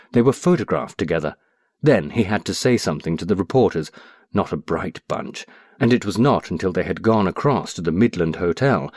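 With lively shifts in pitch, a man with a very low voice narrates an audiobook in a calm, expressive manner. It's recorded up close and completely dry.

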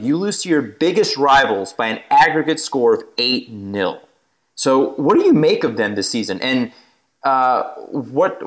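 Host, man, mid pitch, halting questions, casual podcast tone. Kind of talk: casual football podcast chat.

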